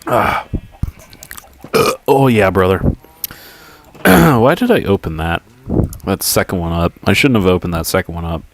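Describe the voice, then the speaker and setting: A man's voice: deep voice, big pitch swings, measured pace, pauses often, a little hiss or hum. A man livestreaming a game, chatting casually in a goofy, rambling, self-mocking way. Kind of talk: casual gaming commentary.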